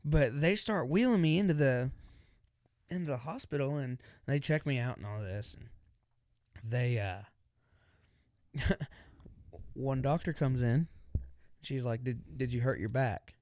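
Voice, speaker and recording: A young podcast co-host tells a story in casual conversation, animatedly acting out the voices of the people in it. His mid-range voice moves at a measured pace with frequent pauses, recorded dry in studio quality.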